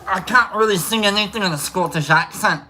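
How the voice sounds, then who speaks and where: A man's voice: sits high, brisk, heavy background noise. A man hosting a casual livestream, rambling, musing aloud between coughs and reading out chat comments. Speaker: livestream host.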